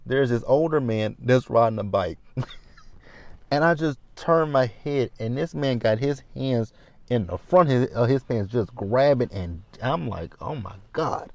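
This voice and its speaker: A man's voice: mid-range voice, lively intonation, measured pace, darkish tone, dry recording. A man from Texas, recapping a reality show in a chatty, blunt way with profane asides. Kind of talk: casual recap commentary.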